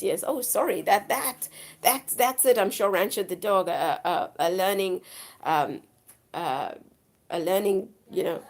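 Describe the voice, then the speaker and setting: A woman's voice: mid-range voice, darkish tone. A woman hosts a live stream and chats casually with her viewers. She rambles on effusively and circles back to repeat herself, and her voice sounds worn from the flu.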